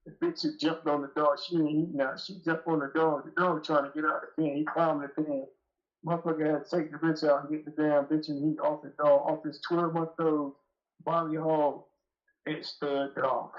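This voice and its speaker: A man calls into a show and tells a long, rambling, profane story with an aggrieved edge. His voice sits a little high for a man. The call audio is dull and lo-fi. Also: steady tone, a little fast. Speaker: call-in guest. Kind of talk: casual storytelling. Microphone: phone call.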